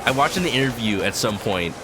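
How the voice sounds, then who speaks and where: Chatty lively-voiced male streamer over music. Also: medium pitch, a little fast. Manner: rambling and chatty, with many "like" fillers. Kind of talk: casual chat while playing a video game. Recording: clear game music underneath. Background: game music.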